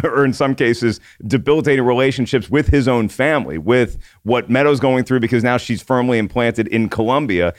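A man's voice: mid-range voice, no room sound. A man with a mid-range voice talks through his views on a podcast. He is thoughtful and analytical. The recording is dry. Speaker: podcast co-host. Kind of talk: casual review chat.

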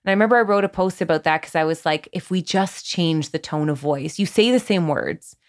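A woman in her forties, a guest on a podcast, talking candidly and in a lively way about raising her kids. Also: on the low side, a little fast. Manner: candid, animated storytelling with frequent "like". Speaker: podcast guest, parenting platform founder. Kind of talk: casual conversational interview.

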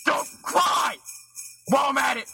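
A man's voice: very high voice, unhurried, creaky. A man ranting and screaming profane insults in a comedic recorded message. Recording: played back with jingle music.

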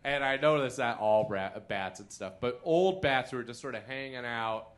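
A man's voice: medium pitch, normal speed. A man doing comic storytelling on a podcast, laughing mid-sentence and acting out quotes with big jumps in voice. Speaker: comedian guest. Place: theater stage.

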